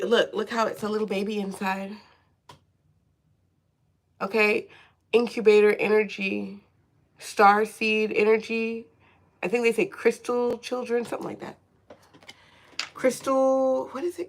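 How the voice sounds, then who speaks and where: Chatty woman giving a tarot reading. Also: mid-range voice. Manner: chatty, checks in with "okay?" often. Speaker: tarot reader. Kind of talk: casual live tarot reading.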